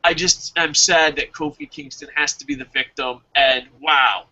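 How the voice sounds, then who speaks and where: A man's voice: on the high side, normal speed. A man co-hosting a casual wrestling podcast, ranting with lots of swearing. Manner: profane, ranting, animated. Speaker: podcast co-host. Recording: dull lo-fi audio.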